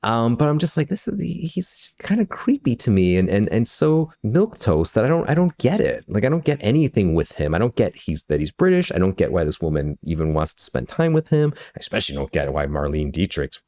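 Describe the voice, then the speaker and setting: Lively low-voiced man rambling about films. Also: fairly quick, few pauses. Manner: rambling, laughs often, trails off and restarts. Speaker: podcast co-host. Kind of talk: casual film discussion.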